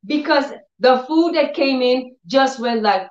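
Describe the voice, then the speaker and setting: Female preacher, higher voice, lively storytelling sermon, roomy and slightly muffled recording. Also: a little slow. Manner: animated storytelling, acts out dialogue in changed voices. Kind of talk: faith-healing sermon.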